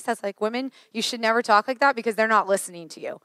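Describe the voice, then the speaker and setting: A woman in her thirties preaching a sermon, chatty and joking, her voice a little worn and hoarse. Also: a little high, fast, no echo. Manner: chatty, joking, lively asides. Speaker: pastor.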